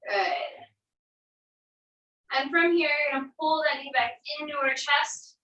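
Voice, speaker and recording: A woman leads a floor stretch in an encouraging, easygoing way, dropping wry asides between cues. Her voice sits high and sounds bright. The recording is echoey and heard from a distance off-mic. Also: steady tone, unhurried. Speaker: fitness instructor. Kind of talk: guided barre cool-down instruction.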